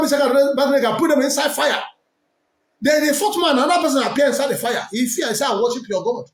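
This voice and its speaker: A man with a Nigerian accent preaching forcefully as a prophet, switching between English, Pidgin and Igbo. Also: very high-pitched. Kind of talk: preaching to camera. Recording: echoey room.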